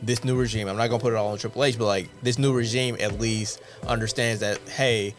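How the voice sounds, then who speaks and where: A man in casual podcast chat, giving long, measured explanations full of "like" fillers. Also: fairly low pitch, steady tone, faint music behind. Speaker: podcast co-host.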